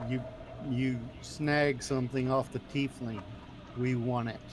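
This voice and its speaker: A man playing a tabletop game, talking in an unhurried, hesitant way. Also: medium pitch, flat delivery, noisy background. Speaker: player.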